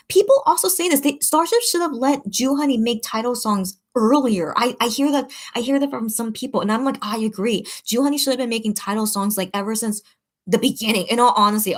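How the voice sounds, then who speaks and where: Chatty woman rambling with fillers. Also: a little high. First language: English. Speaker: channel host reading live chat. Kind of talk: casual chat with viewers.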